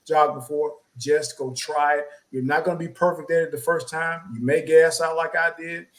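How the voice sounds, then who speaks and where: Higher-voiced man telling a lively story. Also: normal speed, rough recording. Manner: animated storyteller, repeats words, acts out quotes. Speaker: podcast co-host. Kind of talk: casual storytelling chat.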